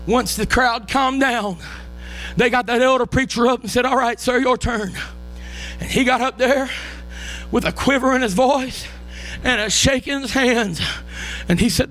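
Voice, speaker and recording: Preacher, male, high bright voice, fervent sermon delivery, soft music underneath. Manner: impassioned, rises to shouting and crying out.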